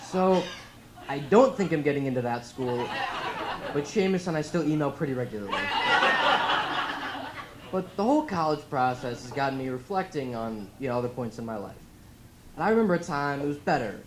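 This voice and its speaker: A teenage boy tells deadpan stand-up stories on a club stage through a handheld mic. His pitch moves in a lively way. The recording is noisy. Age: teens. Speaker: stand-up comedian. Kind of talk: stand-up comedy set.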